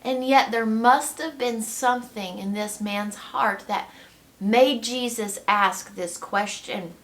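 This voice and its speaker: A woman's voice: on the high side, slow pace, fairly bright tone. A woman giving a devotional Bible teaching in an earnest, reflective manner.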